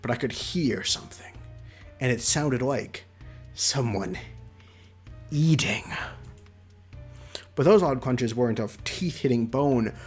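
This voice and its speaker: A man's voice: mid-range voice, animated, takes it slowly, long pauses, slightly rough, soft background music. A young man streaming a visual novel, reading it aloud with playful, chatty commentary. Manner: playful, chatty, laughs between lines.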